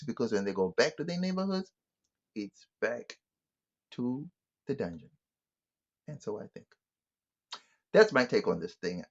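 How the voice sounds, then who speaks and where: A man, talking through his opinions in a rambling, conversational way and restarting his phrases as he goes. His voice is husky and his pitch swings widely. The recording sounds dull and lo-fi. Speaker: channel host. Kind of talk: opinion monologue to camera.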